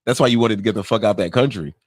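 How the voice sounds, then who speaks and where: A man co-hosting a podcast in casual chat, telling stories with lively acted-out quotes and loose swearing. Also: on the low side, very fast, dry recording. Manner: animated storytelling, acts out quoted voices, swears freely. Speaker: podcast co-host.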